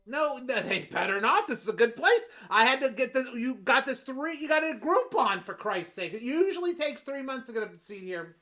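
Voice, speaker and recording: A woman improvising a fussy, demanding woman on a Valentine's date, stammering and bossy, bursting into shouts. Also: high voice, sing-song, normal speed, hardly any pauses. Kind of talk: improvised comedy scene.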